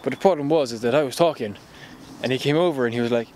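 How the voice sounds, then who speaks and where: A man's voice: medium pitch, quick pace, darkish tone, slight background noise. An English man casually reviewing a camera lens in a rambling, jokey, sweary vlog chat.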